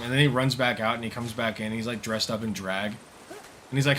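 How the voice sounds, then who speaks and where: A man's voice: medium pitch, steady tone, moderate pace, long pauses, fairly bright tone, slight background noise. A young man streaming a game, riffing in rambling, profane jokes as casual commentary. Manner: rambling, profane, joking riffs. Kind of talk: casual livestream commentary while gaming.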